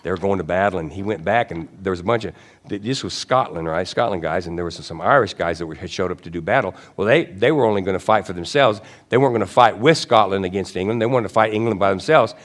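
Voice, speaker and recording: A pastor giving a sermon in a chatty, rambling way, with asides and self-corrections, sometimes acting out quoted lines. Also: male voice, fast. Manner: conversational preaching, acts out quotes with rising pitch and shouts.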